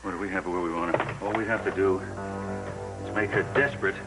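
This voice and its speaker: An older actor playing a blustering, scheming wealthy patriarch in a soap opera, loud and demanding. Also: male voice, sits low, fairly even intonation, fast, loud music behind the voice, lightly acted, poor audio. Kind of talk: television soap opera acting.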